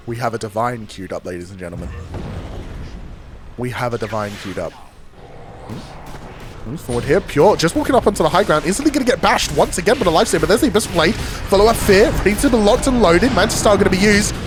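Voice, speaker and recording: A young man with a high voice casts a live esports match on his own. His rapid play-by-play builds to shouting during big fights, broken up by chatty asides to his stream chat.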